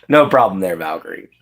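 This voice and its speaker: Male streamer, casual chat with viewers, animated pitch, easy laughter. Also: husky. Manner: chatty, answers chat by name, laughs often. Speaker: livestream host.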